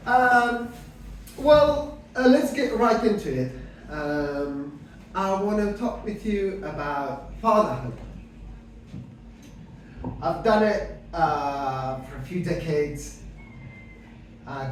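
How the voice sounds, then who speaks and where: A middle-aged man from Afghanistan doing stand-up comedy with dry, deadpan delivery, full of hesitant fillers and some crowd work. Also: high voice, a little hiss or hum. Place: comedy club stage. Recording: echoey room mic heard from a distance.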